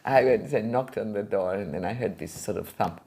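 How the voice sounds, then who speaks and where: An older woman, an art collector and museum founder, telling anecdotes in an interview in an animated, vivid way. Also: a bass voice, brisk, background noise.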